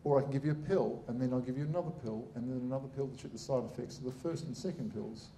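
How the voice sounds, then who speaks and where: A middle-aged man holds forth in a lively public talk, blunt and irreverent with a sarcastic edge. His voice sits at an ordinary pitch for a man, with a dark, mellow tone. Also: quick pace, slight background noise. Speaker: surgeon giving a public talk.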